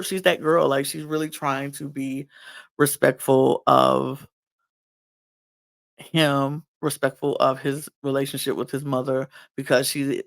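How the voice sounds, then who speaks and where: A man's voice: on the high side, creaky. A male podcast host chatting casually as he recaps a reality show and quotes what people said. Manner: chatty retelling full of quoted dialogue.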